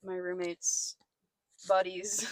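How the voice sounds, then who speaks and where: A woman's voice: on the low side, takes it slowly, slight background noise, rough recording. A woman in her twenties co-hosting a podcast, telling stories in a casual chat and acting out the voices of the people in them. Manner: animated storytelling, acting out voices. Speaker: podcast co-host.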